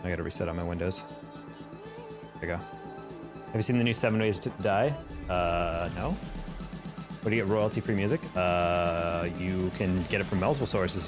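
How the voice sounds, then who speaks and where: A young man live-streaming a game, chatting casually, reacting to plays and answering his chat. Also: deep voice. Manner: chatty, reacts to gameplay and reads chat aloud.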